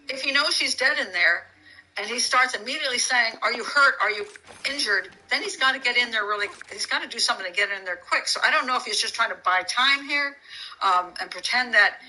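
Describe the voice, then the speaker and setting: Bright-voiced woman picking apart a case. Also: fairly high pitch, rough recording. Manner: incredulous, sarcastic, thinking aloud with many restarts. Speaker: true crime commentator. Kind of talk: casual commentary on a case, reading from documents.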